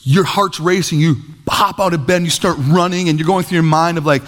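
A male pastor in his thirties, his voice on the high side and brisk, preaches a sermon. He fills it with animated, self-deprecating stories about parenting.

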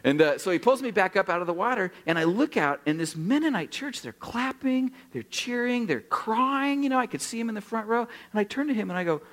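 A man's voice: high-pitched, a little fast, few pauses. A man in his sixties from Oregon preaching a sermon, telling stories with acted-out dialogue and joking with the congregation. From Oregon, USA. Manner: animated storytelling, acts out dialogue, jokes with the congregation. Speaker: pastor.

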